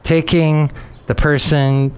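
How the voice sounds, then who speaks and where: A man's voice: a little high, little pitch movement, slow pace, darkish tone, clear, resonant tone. A man hosting a podcast in a rambling, jokey, digressive monologue. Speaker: podcast host. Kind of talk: casual chat monologue.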